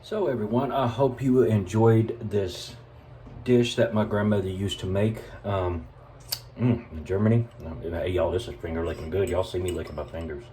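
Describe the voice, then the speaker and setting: Folksy Southern man with a mellow voice. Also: low-pitched, steady tone, normal speed, slight background noise. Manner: folksy, chatty, addresses viewers as y'all. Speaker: cooking video host. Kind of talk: casual cooking vlog. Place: home kitchen.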